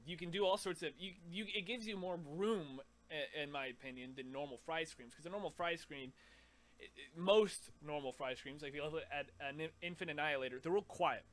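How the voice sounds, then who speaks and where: A man talks through his vocal techniques in a loose, rambling way, now and then pushing out short screams to show what he means. His voice sits a touch high and comes across bright and forward. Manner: rambling, demonstrates screams mid-sentence. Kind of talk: casual vocal tutorial.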